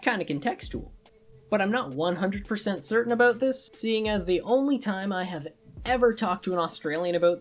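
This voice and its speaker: A young woman, giving a sarcastic, crude comic explainer to her channel's viewers. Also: medium pitch. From Canada. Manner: sarcastic, playful and crude, slipping into mock voices. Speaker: YouTuber. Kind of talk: comedic explainer monologue.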